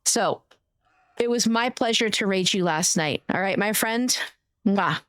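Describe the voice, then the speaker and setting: A woman streamer chatting casually with her viewers, greeting them warmly by name and swearing now and then. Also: mid-range voice, measured pace, no room sound. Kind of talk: casual live-stream chat.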